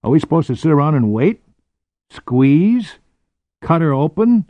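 A man's voice: on the high side, very animated, a little slow, warm tone, no room sound. A man voicing a lewd, wheedling male corporal in an audiobook. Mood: eager. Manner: wheedling, suggestive. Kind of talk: audiobook character voice.

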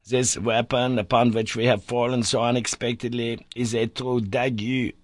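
A man's voice: mid-range voice, level tone, moderate pace, no room sound, studio quality, natural voice. A man voicing a stern, learned older professor who lectures in a cold, decided tone. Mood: lecturing.

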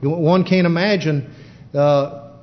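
A man giving a plain-spoken Bible teaching in a halting style with many fillers, recorded in a church. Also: a little high, steady tone. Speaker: preacher. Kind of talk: sermon. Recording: dull lo-fi church recording with long reverb.

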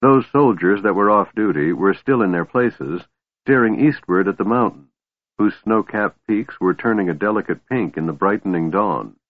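A man narrating an audiobook in a measured storytelling voice. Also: lowish voice, dry recording. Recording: tinny phone-like line, dry.

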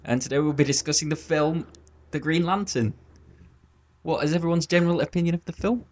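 A man's voice: on the high side, fairly quick. A man hosting a casual podcast, wry and easygoing. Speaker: podcast host. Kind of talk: casual chat.

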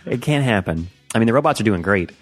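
A man's voice: fairly low pitch, expressive, fast, faint music behind. A man hosting a casual comedy podcast, teasing and laughing often. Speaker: podcast host.

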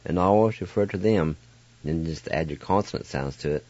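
A man's voice: deep voice, moderate pace, a little mellow. A man hosting a radio language lesson, patiently spelling words letter by letter and pronouncing them. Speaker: radio host teaching language. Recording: dull dry studio sound.

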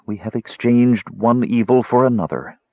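A man's voice: mid-range voice, moderate pace, dry recording, pitched above the performer's own voice, lightly acted. A man voicing an earnest young woman cleric who speaks formally. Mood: distressed. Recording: slightly muffled audio.

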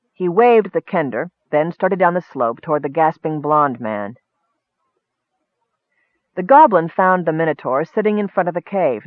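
A man's voice: on the high side, dry recording. Man narrating in tinny dry audio. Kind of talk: scripted fantasy narration.

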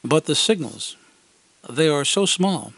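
A man's voice: a little high, animated, takes it slowly, gravelly, fairly bright tone, dry recording. A man reads a wry, scripted first-person story for an amateur radio program. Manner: wry, dry humor, acted quotes. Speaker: radio segment commentator.

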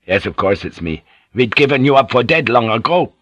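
A man voicing a steady, dry-humored English ship's pilot in an audiobook, speaking calmly and wryly. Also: mid-range voice, a little fast, muffled recording, background noise, lightly acted. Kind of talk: audiobook character voice.

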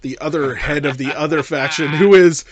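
A man co-hosting a casual talk show, rambling and animated as he discusses a film. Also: fairly high pitch, normal speed. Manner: animated, rambling with restarts and playful impressions. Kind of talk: casual chat about a film.

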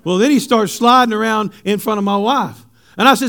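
A male pastor, preaching a sermon with animated, humorous stories for his congregation. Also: high-pitched, moderate pace. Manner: animated storytelling, jokes with the congregation.

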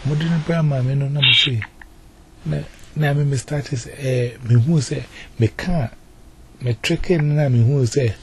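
A man tells his testimony at an easy, rambling pace. He repeats words and slips English into his speech at a mid pitch. Faint ambient noise hums behind him. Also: measured pace. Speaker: testimony giver. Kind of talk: spoken personal testimony.

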